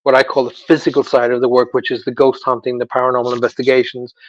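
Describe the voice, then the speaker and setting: Animated man telling a story. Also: mid-range voice, fast, no room sound, dull audio. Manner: animated storyteller, acts out sounds. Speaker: psychic medium guest. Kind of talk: casual interview chat.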